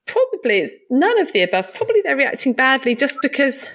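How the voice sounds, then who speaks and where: A woman hosting a podcast, thinking aloud in a reflective, animated way and laughing as she talks with her guest. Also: high voice, a little fast. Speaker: podcast host. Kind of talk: conversational podcast interview.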